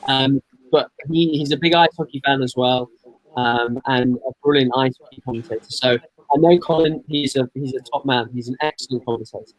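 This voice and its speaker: A man who works in radio answers fan questions in a chatty, easygoing manner. His voice sits at a middle pitch and he often pokes fun at himself. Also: brisk, low-quality recording. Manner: chatty, friendly, self-deprecating. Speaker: radio presenter and commentator. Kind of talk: relaxed interview answers.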